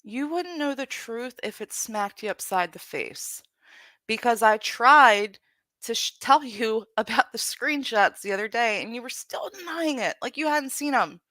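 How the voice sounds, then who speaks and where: A woman's voice: on the high side, lively intonation, a little slow, bright, forceful tone, dry recording, clean studio sound. A woman hosting a livestream, ranting bluntly and swearing freely. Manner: profane, blunt, venting. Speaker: livestream host. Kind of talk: heated livestream rant.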